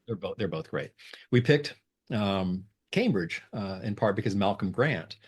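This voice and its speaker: Low-voiced man, halting and rambling. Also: husky. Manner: rambling with many fillers and restarts, lively pitch jumps. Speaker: guest, lawyer and negotiator. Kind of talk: conversational interview.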